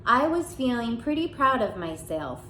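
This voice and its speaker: A woman reading a children's chapter book aloud, narrating gently in the first person. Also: a little high, big pitch swings, normal speed, reverberant, slight background noise, poor audio. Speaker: audiobook reader.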